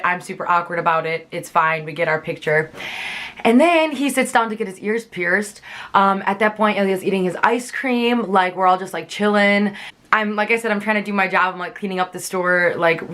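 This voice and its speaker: A woman's voice: fairly low pitch, fairly bright tone. A young woman telling a chatty storytime vlog, filling her sentences with "like". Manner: chatty, many fillers like "like". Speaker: vlogger.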